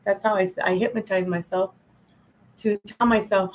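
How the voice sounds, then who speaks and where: A woman's voice: mid-range voice, fairly even intonation, moderate pace, slight background noise, low-quality recording. A woman hosting a casual spiritual livestream, rambling and repeating phrases, often laughing. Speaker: livestream host.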